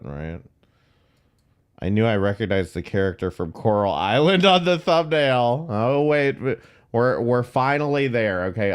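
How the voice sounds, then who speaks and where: Male commentary host, very low voice, blunt and exasperated reacting to clips. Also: clear, resonant tone.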